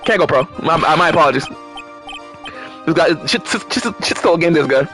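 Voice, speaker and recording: Male gamer with a high, very animated voice, ranting and swearing through casual game commentary, faint music behind. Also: fairly quick. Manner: profane, exasperated ranting with stumbling restarts. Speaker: gamer reading and reacting to game dialogue.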